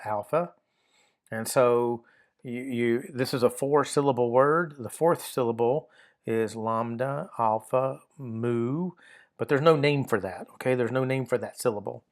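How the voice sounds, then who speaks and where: A man teaching a recorded grammar lesson, explaining patiently and often repeating words and saying "uh" and "um". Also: mid-range voice.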